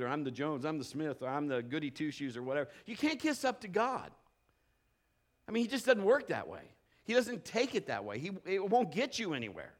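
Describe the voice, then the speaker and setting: A man preaching a sermon as pastor, building to emphatic points and acting out quotes. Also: a little high.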